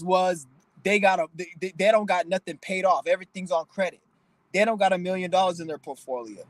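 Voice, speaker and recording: A man's voice: sits high, brisk, no room sound, low-quality recording. A young man hosting his own channel, ranting bluntly and profanely in a preachy, emotional way. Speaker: channel host. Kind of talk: casual vlog rant.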